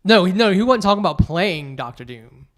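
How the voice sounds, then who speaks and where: A podcast co-host with a high, expressive voice talks a little fast in casual chat. He rambles, restarts often, corrects himself and swears freely.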